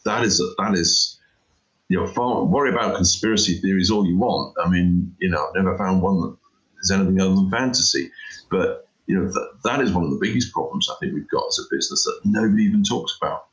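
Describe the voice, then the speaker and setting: Poor audio carries the deep, slightly fast voice of a middle-aged interview guest. In a relaxed chat about his work, he speaks emphatically, wanders off on tangents, and says "you know" a lot.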